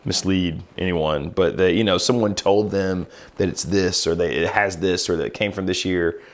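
Deep, gravelly man with dry quips. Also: steady tone, moderate pace. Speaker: guitar shop co-host. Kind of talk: casual chat.

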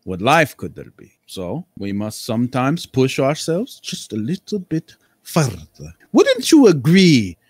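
A man voicing an eccentric, flamboyant male spin master who speaks softly and theatrically, with long lofty pauses. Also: medium pitch, huge pitch swings, slightly rough, no room sound, studio quality, heavily acted. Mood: smug. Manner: theatrical, soft-spoken, drawn-out pauses, lofty.

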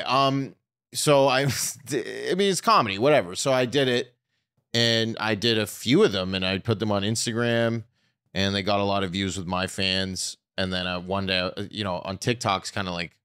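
Low-voiced man telling rambling stories. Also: fairly bright tone, smooth, no echo, clean studio sound. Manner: candid, rambling storytelling with frequent fillers. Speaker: comedian guest. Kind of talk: casual podcast chat.

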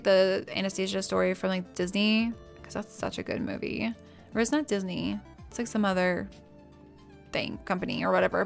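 A woman's voice: medium pitch, fairly bright tone. A woman streaming live, chatting casually and laughing often while she plays a life-sim game.

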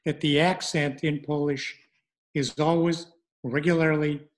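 A middle-aged man presenting an online language lesson, speaking haltingly with many fillers and restarts. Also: on the high side, level tone.

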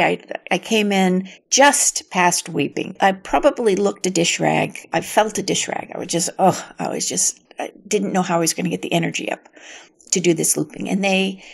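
Gravelly older woman recalling stories. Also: on the low side. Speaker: actress interviewee. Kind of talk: reflective interview storytelling.

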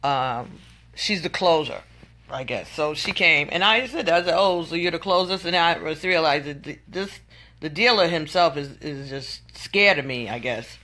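Exasperated woman venting, bright voice. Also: deep voice, expressive, normal speed. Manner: exasperated, incredulous storytelling. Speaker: vlogger. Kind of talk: venting monologue.

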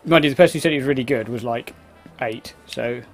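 A man's voice: mid-range voice, fast talker, soft background music. A man giving rambling, casual let's-play commentary, exclaiming at the game and muttering asides. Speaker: gameplay commentator.

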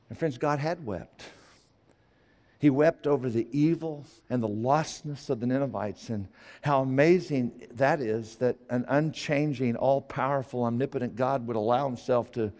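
A man preaching a sermon, animated, sometimes putting on high whiny voices for characters. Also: moderate pace, long reverb tail. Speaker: pastor.

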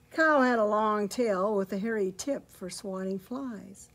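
A woman reading a picture book aloud to children as a library storyteller, pausing to explain words along the way. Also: medium pitch.

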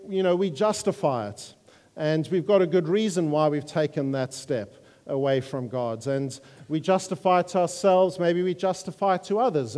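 Earnest guy preaching, kinda high but mellow voice, lots of ums, big echoey church hall. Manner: earnest, halting, with frequent fillers. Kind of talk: sermon. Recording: long church-hall reverb.

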